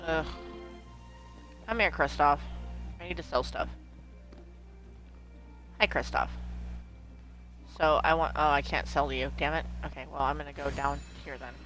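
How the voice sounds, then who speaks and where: A woman's voice: low voice, a little slow, long pauses, fairly bright tone, soft background music. A woman streaming a video game at home, chatting casually, swearing when annoyed and talking to her pet. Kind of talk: casual gameplay chat.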